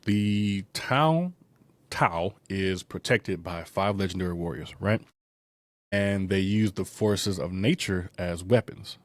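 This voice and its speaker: Deep-voiced and recorded with no echo, a male podcast host rambles through a movie's plot on his casual review show. Fillers and asides abound, and he slips into quick voices for the characters.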